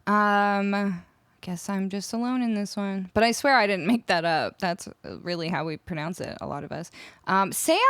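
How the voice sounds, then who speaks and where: A woman from Canada chats with her live viewers in a lively voice that swings up and down, laughing as she goes. She sits close to a studio mic, and the sound is dry and close. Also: medium pitch, brisk, dry recording. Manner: chatty, laughs often, muses over word pronunciations. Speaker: streamer. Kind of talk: casual chat with live viewers. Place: home streaming room. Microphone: studio microphone up close.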